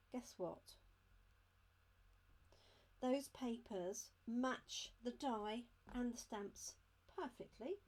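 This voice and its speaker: A woman talks through a craft unboxing in a measured, unhurried way. Her voice sits a little high, and she chats casually as she explains each item, recorded at home on a desk mic. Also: warm tone. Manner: chatty, explains step by step while handling items. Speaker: craft demonstrator. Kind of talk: live craft unboxing demo.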